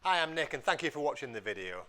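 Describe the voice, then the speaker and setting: A man's voice: a little high, very animated, fast talker, bright, forceful tone. A man from a motorbike dealership giving a friendly, direct sales outro about warranty and finance.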